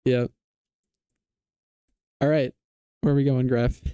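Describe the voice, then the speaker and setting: A man hosting a casual online quiz game, reading clues aloud and confirming answers with a quick "yes, sir". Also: mid-range voice, level tone, dark tone, smooth, no echo. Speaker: quiz show host.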